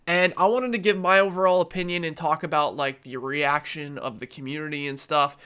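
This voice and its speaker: A man's voice: a little high, fairly even intonation, brisk, sharp tone, smooth. A young man with a nasal, stuffed-up voice from allergies, giving his earnest opinion in a casual gaming vlog. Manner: earnest, opinionated, conversational with fillers. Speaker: gaming YouTuber.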